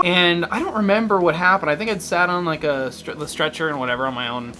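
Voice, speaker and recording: A man's voice: a little high, quick pace, few pauses, pushed and bright, faint music behind. A man in his early twenties telling a rambling, profane story in a casual storytime vlog, laughing as he goes. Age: 20s. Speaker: vlogger.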